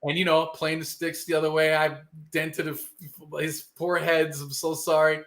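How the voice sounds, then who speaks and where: A man's voice: a little high, little pitch movement, moderate pace, fairly bright tone. A man, a guest telling a long rambling story in casual, profane street slang. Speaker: guest musician.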